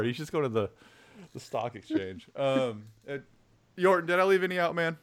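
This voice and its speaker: Lively bright-voiced podcast host man. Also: fairly high pitch, normal speed, clear, resonant tone. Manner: laughing often, acting out quoted lines. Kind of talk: casual movie podcast chat.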